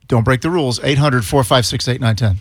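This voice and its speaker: A man's voice: mid-range voice, brisk, background noise. Chatty older male radio co-host. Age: 60s. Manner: chatty, self-deprecating, reads items aloud then comments. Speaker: radio morning show co-host. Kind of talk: casual radio banter, reading a list. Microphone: studio microphone.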